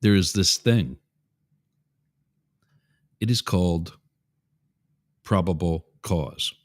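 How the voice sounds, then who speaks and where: A man's voice: sits low, lively intonation, slow pace. A man hosting a show, giving opinionated political commentary in a rambling, digressive way with asides to his listeners. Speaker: show host.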